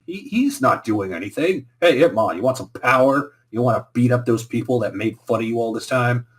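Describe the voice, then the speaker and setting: A man's voice: mid-range voice, expressive, fairly quick, natural voice. A man voicing a scheming male beast-spirit general who tempts a weaker creature with power. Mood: coaxing. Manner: coaxing, tempting.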